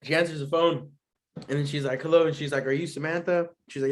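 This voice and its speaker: A man's voice: fairly high pitch, steady tone, fairly quick. A young man hosting his own podcast, telling a story in a rambling, slangy way with lots of fillers and frequent laughs. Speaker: podcast host. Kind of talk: casual storytelling.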